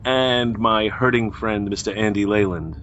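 A man's voice: on the low side, measured pace, fairly bright tone. A man hosting a podcast in casual chat, laughing often as he talks. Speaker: podcast host. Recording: dull lo-fi audio with faint hiss.

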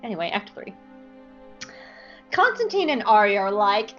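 A woman's voice: mid-range voice, moderate pace, pauses often, faint music behind. Chatty woman podcaster recapping, kinda dull lo-fi audio. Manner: chatty, animated, jokey. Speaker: podcast co-host. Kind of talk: casual recap chat.

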